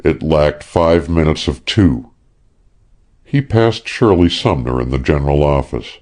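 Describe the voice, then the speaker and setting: A man narrating a classic novel as an audiobook reader, measured and steady. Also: a bass voice. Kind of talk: scripted narration.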